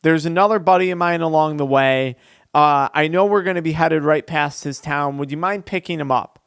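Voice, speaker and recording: A man's voice: a little high, moderate pace, a bit bright, clean tone, no echo, studio quality. A man voicing a sly, ingratiating hitchhiker in a spoken story. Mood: coaxing. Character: sly, smooth-talking friendly hitchhiker.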